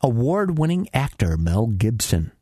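A man hosts a talk radio show and chats his way through celebrity gossip. He jokes often, and his pitch swings widely. The studio sound is dry and close. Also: measured pace, breathy edge, no echo. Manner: animated, joking, laughs often. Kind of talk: casual chat reading celebrity news.

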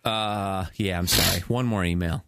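A man's voice: deep voice, steady tone, moderate pace, gravelly, a bit bright, a little hiss or hum. A man co-hosting a casual chat podcast, joking around and reading listener emails aloud. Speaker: podcast co-host.

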